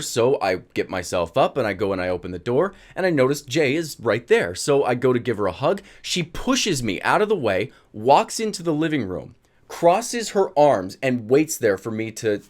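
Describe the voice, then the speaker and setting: A man telling a personal story for his vlog in a lively, animated way. His voice swings up and down as he narrates, and he breaks into laughter often. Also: mid-range voice, normal speed.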